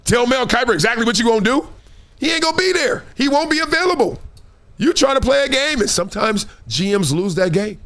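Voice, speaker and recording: A man with a notably high speaking voice holds forth on a sports talk show. He keeps it casual and full of slang, and slips into little voices to mimic the people he talks about. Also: fairly quick. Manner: animated, slangy, acts out quoted people.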